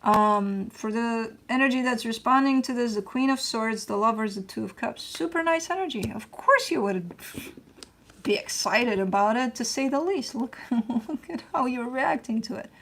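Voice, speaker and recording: A woman's voice: fairly high pitch, expressive, normal speed, a bit bright. Chatty woman giving a tarot reading. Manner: chatty and loose, with slang and the odd curse; coaching and reassuring, repeats herself for emphasis. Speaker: tarot reader hosting her channel. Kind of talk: casual spoken tarot reading.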